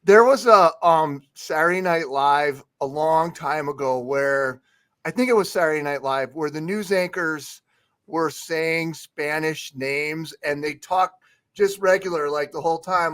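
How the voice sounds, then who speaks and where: Higher-voiced, wry radio newsman. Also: measured pace, a bit bright. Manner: easygoing, wry, self-deprecating. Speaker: radio news anchor. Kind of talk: casual talk radio banter.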